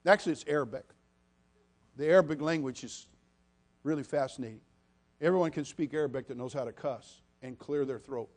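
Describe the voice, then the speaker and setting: A man preaching a sermon, telling funny stories and swinging between quiet asides and loud, repeated appeals to the congregation. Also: medium pitch, brisk, long pauses. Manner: humorous storytelling, repeats "listen to me".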